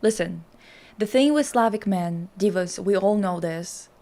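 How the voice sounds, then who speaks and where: A young adult woman hosts a casual stream chat, reading stories aloud and reacting bluntly with plenty of swearing. Her voice is mid-range and dark in tone, and she speaks unhurriedly.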